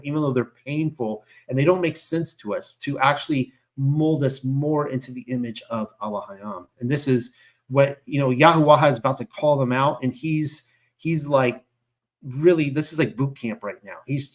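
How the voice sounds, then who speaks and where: Casual man reading scripture with asides. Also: medium pitch. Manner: conversational, full of 'like' and 'you know' asides; reads archaic scripture aloud, then stops to reflect. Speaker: Bible study teacher.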